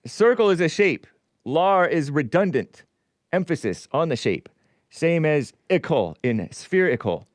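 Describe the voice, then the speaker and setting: A man's voice: a little high, sing-song, unhurried, no echo, clean studio sound. A man hosting a casual live show, reading chat messages aloud with a wry, laughing manner. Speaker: show host.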